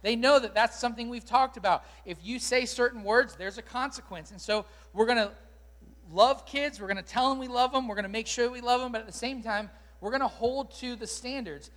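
A man's voice: extremely high pitch, a little fast, a bit bright. A man, a pastor, answering questions from his congregation in a candid, conversational way, with frequent ums and restarts. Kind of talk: sermon Q&A to a live congregation. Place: church auditorium. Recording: long reverb of a large hall.

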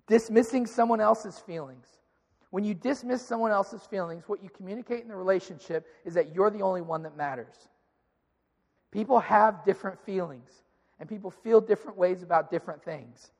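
Pastor preaching in a reverberant sanctuary; conversational, acts out exchanges, voice sits high. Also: male voice. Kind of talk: sermon.

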